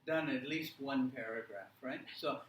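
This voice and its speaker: A man teaching an English reading workshop, giving slow, deliberate instructions and checking in with "okay?" and "right?". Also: medium pitch, a bit bright, roomy sound, distant mic, slight background noise.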